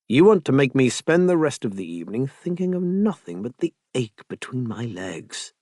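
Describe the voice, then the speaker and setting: A male audiobook narrator voicing a bold, shameless lover in a low, hushed murmur. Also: very animated, normal speed, no echo, studio quality. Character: bold, shameless adult man lover, whispering. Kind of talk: audiobook character voice.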